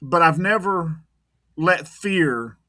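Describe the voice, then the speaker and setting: A man's voice: fairly high pitch, expressive, takes it slowly, sharp tone, no room sound, studio quality. A man talking casually on a podcast as a private investigator guest, blunt and tough, often repeating words as he goes.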